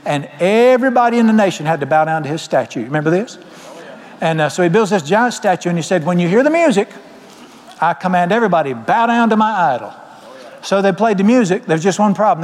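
Southern male pastor, folksy emphatic sermon, high voice, long hall reverb. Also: a little mellow.

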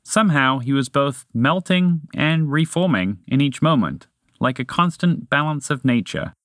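A man reading a children's story aloud in a lively storytelling manner. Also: medium pitch, moderate pace, no room sound, studio quality. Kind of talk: scripted narration.

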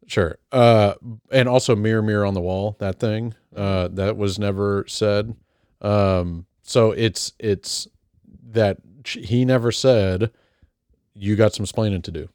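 A man's voice: on the low side, takes it slowly, a little mellow, clean tone, dry recording, studio quality. A man co-hosting a casual chat, rambling and teasing with lots of fillers. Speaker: podcast co-host.

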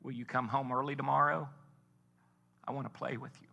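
A man voicing a gentle little boy who longs for time with his father, in a sermon story. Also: mid-range voice, level tone, a little fast, creaky, big-room sound. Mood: pleading. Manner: soft, pleading.

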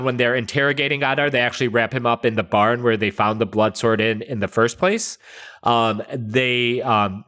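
A man's voice: on the low side, fairly bright tone. A man co-hosting a podcast, recapping an episode in a hesitant, wry way with many fillers. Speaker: podcast co-host. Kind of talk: casual recap chat.

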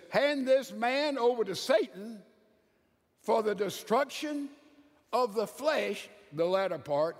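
High-voiced man preaching in a reverberant hall. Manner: emphatic preacher with wide swings in loudness and pace. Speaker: pastor. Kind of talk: sermon.

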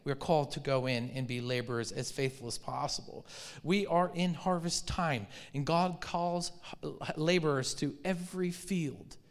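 A man's voice: fairly high pitch, moderate pace. Man, pastor, sermon, acts out quoted reactions, asks the congregation questions, frequent restarts. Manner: restarts and repeats words often.

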